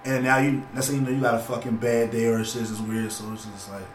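A man's voice: medium pitch, level tone, quick pace. A man chatting casually in a laid-back, slangy way. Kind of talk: casual chat. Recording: roomy, distant mic, faint music.

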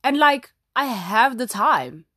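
A woman's voice: on the high side, big pitch swings, takes it slowly, pushed and bright, no echo, clean studio sound. A young woman hosting her first solo podcast, chatty and dramatic, full of "like" fillers. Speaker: podcast host. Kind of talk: casual solo podcast chat. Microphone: phone app recording.

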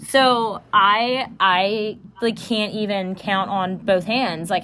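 A young woman with a Philadelphia accent hosting a casual podcast, sassy, swearing and animated, recorded on a phone next to her computer. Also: mid-range voice, slight background noise. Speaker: podcast host. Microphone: phone beside computer.

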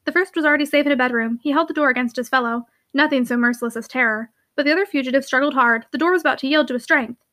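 A woman narrates a classic novel for an audiobook, her voice pitched high and light. She moves through the text at a brisk, steady pace without lingering on any line.

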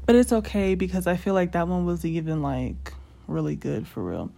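A woman's voice: lowish voice, lively intonation, moderate pace, gravelly, warm tone. A young woman hosting her own casual podcast, rambling and chatty with lots of fillers. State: slightly out of breath. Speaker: podcast host. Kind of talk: casual solo podcast chat.

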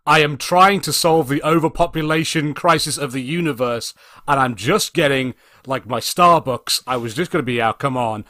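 A man's voice: a little high, normal speed, sharp tone. A man voicing a whining male alien warlord who pleads and complains in a comic bit. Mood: whiny pleading.

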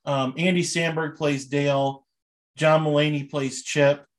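Young dude on a podcast, kinda high voice, jokey and loose, laughs a lot. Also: male voice, flat delivery, a little slow. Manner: laughs often, joking and loose. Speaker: podcast co-host. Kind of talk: casual sports and movie chat.

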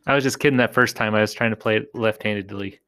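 A man's voice: fairly low pitch, fairly even intonation, fast talker, a bit bright. A man hosting a collecting vlog as a clown persona, rambling casually and talking straight to his viewers. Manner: chatty, rambling, talks to viewers as "you guys". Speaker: clown character host of a collecting show.

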